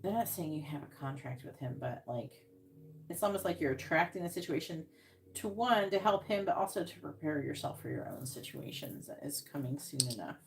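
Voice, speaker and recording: Woman psychic on a livestream, lowish voice, rambly and chatty, earbud mic. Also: expressive, a little fast, creaky, a little hiss or hum. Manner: chatty and rambling, with many restarts. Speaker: psychic reader on a live stream. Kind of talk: casual live-stream reading.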